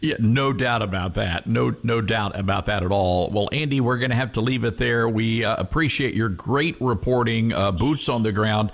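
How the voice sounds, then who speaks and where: A man's voice: fairly low pitch, moderate pace, few pauses. A man hosting a talk radio show, speaking in a folksy, emphatic way and repeating phrases for effect. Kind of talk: conservative talk radio monologue.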